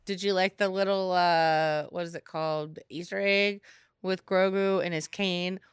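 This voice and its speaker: A woman's voice: on the low side, fairly even intonation, unhurried, clear, resonant tone, dry recording, clean studio sound. A woman co-hosting a podcast, gushing and giggly about a film in casual chat. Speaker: podcast co-host.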